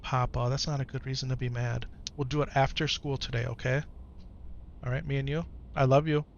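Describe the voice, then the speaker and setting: A man streaming live who talks softly and coaxingly with his young son, then reads and answers his chat in casual talk. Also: medium pitch, level tone, a little fast, gravelly, lo-fi sound, slight background noise. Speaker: streamer and father. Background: game music.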